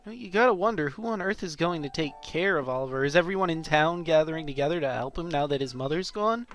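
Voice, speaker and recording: A man's voice: fairly high pitch, lively intonation, fast, fairly bright tone, faint music behind. A man chatting and joking while commenting on a video game. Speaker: let's play commentator.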